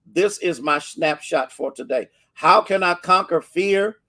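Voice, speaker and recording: A man's voice: fairly high pitch, unhurried, bright, forceful tone. A man with an American accent, a pastor giving a short devotional sermon, building fervor through repetition and calling out to listeners by name. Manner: preaching with rising fervor, repetitions, call-outs to listeners.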